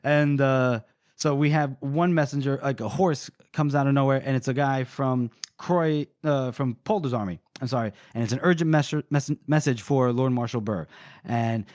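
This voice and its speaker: A man's voice: medium pitch, moderate pace, a little mellow, dry recording, studio quality. A man co-hosting a casual book podcast, retelling scenes animatedly, swearing and acting out the lines. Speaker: podcast co-host.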